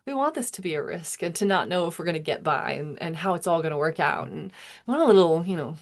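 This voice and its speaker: A woman's voice: lowish voice, expressive, fast talker. A woman in her thirties, an astrologer musing aloud in a meandering, self-interrupting way with chuckles. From United States. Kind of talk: casual musing monologue.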